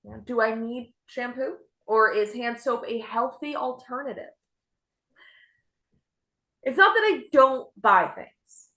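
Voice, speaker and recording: A young woman performs stand-up with a bright, crisp tone. She jokes dryly at her own expense in a deadpan way. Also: on the high side, a little slow, long pauses. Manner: self-deprecating, deadpan delivery. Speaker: stand-up comedian. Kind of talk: stand-up set.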